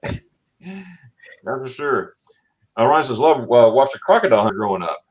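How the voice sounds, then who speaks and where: A middle-aged man from Florida chatting on a livestream. He tells stories with plenty of energy, putting on voices for quotes and laughing often. His voice sits in an ordinary middle pitch. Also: normal speed. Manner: animated storyteller, acts out quotes with laughs. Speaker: livestream host. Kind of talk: casual livestream chat.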